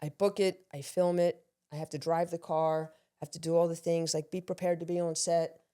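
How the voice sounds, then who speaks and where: Low, mellow-voiced woman telling stories. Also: moderate pace, clear, resonant tone. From Maryland. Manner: lively, self-deprecating storyteller who acts out quotes. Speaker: guest, actor and law enforcement veteran. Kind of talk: casual storytelling interview.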